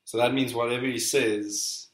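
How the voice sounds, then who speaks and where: A man's voice: medium pitch, fairly even intonation, moderate pace. Playful man reading quiz quotes, echoey. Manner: playful, reads quotes aloud. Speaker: podcast co-host, quiz master. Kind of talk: casual quiz chat.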